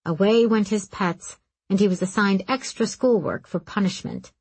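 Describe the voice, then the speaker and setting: A woman reading a story aloud, in a calm, steady narration. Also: mid-range voice, moderate pace, slightly rough, dry recording. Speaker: audiobook narrator. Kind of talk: scripted narration.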